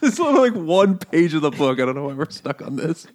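A man's voice: a little high, very animated, brisk, darkish tone. A man co-hosting a book podcast, rambling through the plot with crude jokes, laughing often and putting on voices for the characters. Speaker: podcast co-host. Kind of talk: crude comedic book chat.

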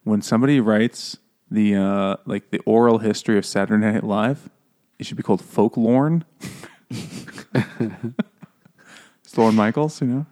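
A man's voice: on the low side, steady tone, a little slow, long pauses, a little mellow. A man co-hosting a casual comedic book chat, cracking jokes and laughing often. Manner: jokey, wisecracking, laughs often. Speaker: podcast co-host.

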